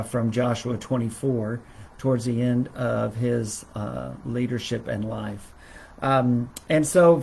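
A middle-aged preacher teaches a livestreamed Bible lesson in a mid-range, gravelly, darkish voice. He halts often, using fillers and restarting.

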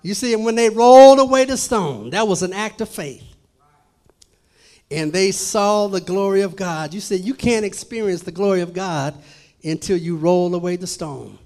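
A man preaching a sermon at a church service, swinging from hushed to loud, emphatic calls. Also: high voice, normal speed.

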